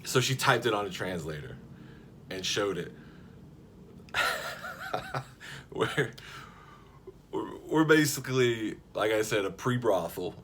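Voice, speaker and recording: A man casually telling a funny story to camera, lively and jokey, acting out the other people's lines as he goes. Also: on the low side, takes it slowly, pauses often, a little hiss or hum. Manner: animated, jokey, frequent restarts and quoted voices.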